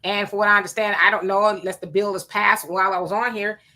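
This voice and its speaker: A woman's voice: medium pitch, steady tone, quick pace, pushed and bright. A woman hosting a live stream, chatting casually and giving opinions as she reads viewer comments. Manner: chatty, opinionated, laughing asides. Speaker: livestream host.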